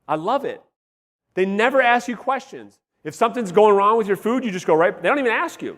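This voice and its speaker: A man coaching real estate agents at a live workshop, energetic and blunt, swearing and quizzing the audience, his voice wearing out. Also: sits high, brisk. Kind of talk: live workshop teaching to a room. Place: large room with live audience. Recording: long hall reverb.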